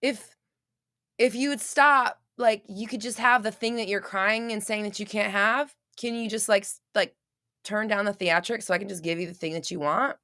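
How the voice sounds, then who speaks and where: A woman's voice: medium pitch, steady tone, normal speed, bright, forceful tone, no echo, clean studio sound. A woman hosting a live show, talking frankly with listeners, swearing often, full of fillers and restarts, and acting out little scenes. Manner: acts out little scenes in quoted voices. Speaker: podcast host answering listeners. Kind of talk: casual live chat.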